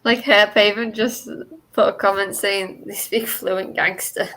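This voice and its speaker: A woman's voice: mid-range voice, fairly even intonation, a little slow, pushed and bright, low-quality recording. A woman from the north west of England with a Scouse accent, chatting easily as a co-host. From Skelmersdale, England. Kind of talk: casual chat on a livestream.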